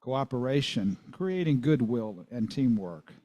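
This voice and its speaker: A man leading an opening prayer at a club meeting, starting hesitantly and then speaking in a measured, earnest way in a museum meeting hall. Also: medium pitch, sing-song, mellow. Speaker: giving the invocation.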